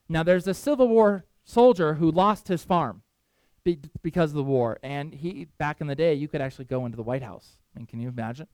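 A man's voice: a little high, a little mellow, clear, resonant tone, no room sound. A man preaching a sermon in a church, telling stories with loose, chatty asides to the congregation.

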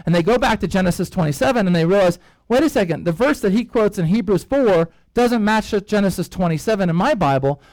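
Male pastor, high voice, storytelling sermon, chatty asides, dry recording. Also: no echo, rough recording. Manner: lively storyteller, acts out characters' reactions; rambling with frequent fillers and asides. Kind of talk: sermon-style Bible teaching.

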